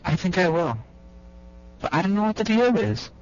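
A young man co-hosting a podcast from a small house in the early morning, talking quietly and hesitantly. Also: high-pitched, very animated, moderate pace. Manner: hesitant, soft-spoken. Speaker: podcast co-host. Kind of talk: casual chat. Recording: muffled, overseas call.

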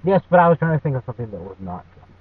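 A man's voice: mid-range voice, very animated, racing, slight background noise. A man co-hosting a casual podcast, dry and a little hesitant. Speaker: podcast co-host. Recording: distant, tinny phone-like audio.

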